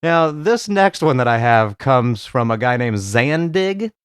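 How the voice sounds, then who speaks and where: A man's voice: mid-range voice, sing-song, a little slow, clear, resonant tone, no room sound, studio quality. A young adult man hosting a wrestling reaction show, chatting casually and joking. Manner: joking, laughing, mocking impressions. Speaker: host.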